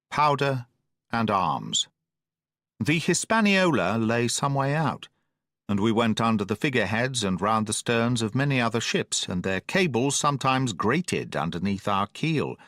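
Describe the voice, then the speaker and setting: A man narrating a classic adventure novel as an audiobook, in a steady, expressive storytelling manner. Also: medium pitch, unhurried, no room sound, clean studio sound.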